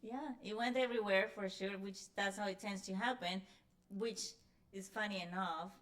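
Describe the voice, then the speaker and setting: A woman hosting a casual conversation, reflective and repeating phrases softly. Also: medium pitch, steady tone, normal speed. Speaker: host.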